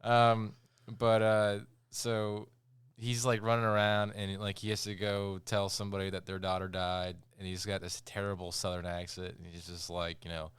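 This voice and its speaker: A man's voice: lowish voice, monotone, moderate pace, clear, resonant tone, no room sound. A man co-hosting a podcast, reviewing a movie in casual chat with a rambling, sarcastic manner, acting out scenes. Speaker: podcast co-host.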